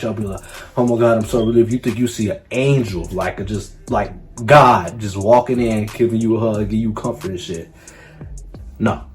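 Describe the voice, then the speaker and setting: Low-voiced young man telling a storytime. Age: young adult. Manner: casual, profane, animated storytelling with slang. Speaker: YouTuber. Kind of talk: storytime vlog.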